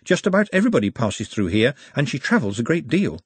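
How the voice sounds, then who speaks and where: Here a gentle, formal young orc smith talks in a quiet, measured way, his voice a little husky as a male narrator puts him on. Each line is polite and precise, with no bluster. It sounds close and dry, like a storybook reading. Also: medium pitch, very animated, dry recording, pitched above the performer's own voice. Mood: calm.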